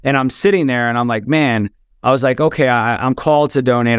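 A man's voice: medium pitch, a little fast, clear, resonant tone, no echo. Earnest man telling a personal story. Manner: earnest, emotional, frequent restarts. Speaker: podcast guest.

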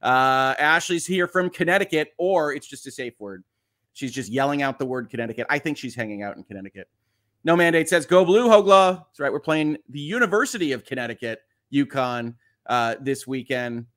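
A man's voice: mid-range voice, lively intonation, fairly quick, a bit bright. A man hosting a casual live stream, reading viewer comments in an upbeat, chatty way with frequent laughs. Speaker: livestream host and lawyer.

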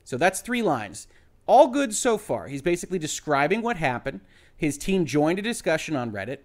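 A man who is a lawyer giving measured, methodical commentary and explaining his reasoning step by step. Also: fairly high pitch, sing-song. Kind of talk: analytical legal commentary.

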